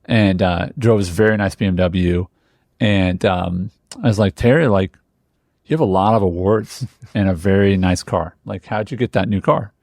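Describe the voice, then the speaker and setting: Man, podcast co-host, low gravelly voice, dry close mic, storytelling. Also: moderate pace, darkish tone, dry recording. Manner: storytelling, acts out quoted voices. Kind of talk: casual chat.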